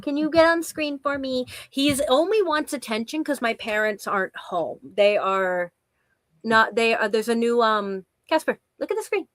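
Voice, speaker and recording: A woman co-hosting a podcast over a video call, chatting casually and chiming in with quick, supportive replies. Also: on the high side, expressive. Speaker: podcast co-host. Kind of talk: casual chat.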